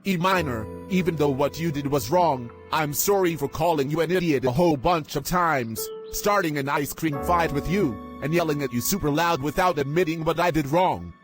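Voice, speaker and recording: A man's voice: fairly high pitch, normal speed, few pauses, lightly acted. A man voicing a bossy, hot-tempered young male character who hurls insults at others and later apologizes in earnest. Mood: apologetic. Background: music.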